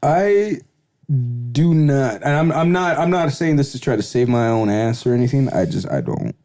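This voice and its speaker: A man's voice: medium pitch, animated, normal speed, dark tone. A young man co-hosting a podcast, joking around and repeating himself when he backpedals. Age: young adult. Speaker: podcast co-host. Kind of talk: casual chat.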